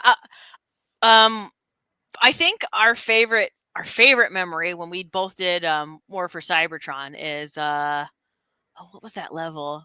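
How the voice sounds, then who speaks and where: A woman's voice: mid-range voice, smooth, no room sound, rough recording. A woman co-hosting a casual stream, chatting about games with lots of laughter and playful quoted lines. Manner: giggly, animated, quotes lines in put-on voices. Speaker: streamer co-host.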